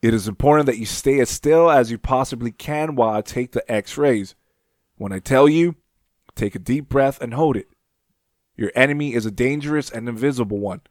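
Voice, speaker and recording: A man reading aloud as a nervous, formal older doctor, in a measured voice. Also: medium pitch, a little mellow, no echo, studio quality, natural voice. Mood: formal, reassuring.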